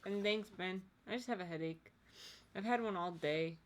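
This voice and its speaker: A woman's voice: mid-range voice, normal speed. A woman co-hosting a home livestream, chatting casually and laughing often. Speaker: streamer co-host. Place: home while drawing on stream.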